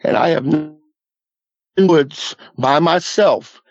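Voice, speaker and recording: A man's voice: a little high, takes it slowly, lo-fi sound, soft background music. Earnest man in his fifties. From Southwest Missouri Ozarks. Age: 50s. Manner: earnest, folksy, repeats "I said" and "he goes". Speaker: guest. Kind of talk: recounting a personal encounter.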